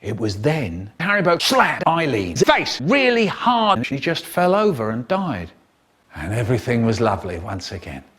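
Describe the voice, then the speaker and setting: An older man narrating a comic story theatrically, swinging between hushed asides and sudden bursts. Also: mid-range voice, wildly swooping pitch, moderate pace, husky.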